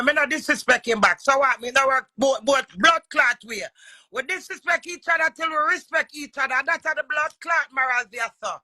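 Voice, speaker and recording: A woman's voice: high-pitched, bright, forceful tone, no room sound. A Jamaican woman ranting brashly and profanely on a live stream. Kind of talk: heated live stream rant.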